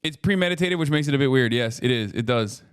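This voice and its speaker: A man's voice: mid-range voice, animated, quick pace, clean tone. A man in his thirties streaming a casual reaction commentary, rambling and swearing freely with joking asides.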